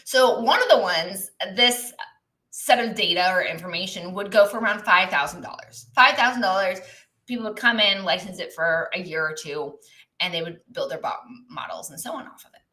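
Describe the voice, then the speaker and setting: A woman's voice: medium pitch, normal speed, bright, forceful tone, rough recording. A woman business coach talking casually to viewers on a live stream, chatty and reflective, with lots of fillers and asides. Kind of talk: live-stream teaching talk. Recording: live online broadcast.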